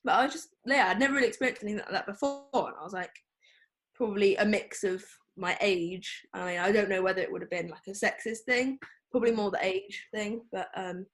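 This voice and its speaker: A young English woman, a photographer, is a guest in a casual interview over a call, chatty and full of fillers. She has a mid-range voice and speaks fairly quickly.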